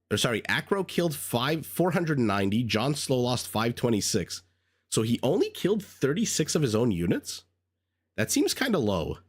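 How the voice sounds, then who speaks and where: A man recovering from a cold, chatting through live game commentary, thinking aloud and greeting viewers. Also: medium pitch. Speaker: game caster. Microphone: desk microphone.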